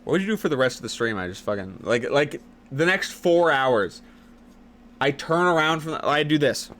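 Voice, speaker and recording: A young man streaming live late at night, teasing his chat and jumping from low mumbles to sudden yells. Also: normal speed. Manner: excitable, teasing, jumps from mumbling to yelling.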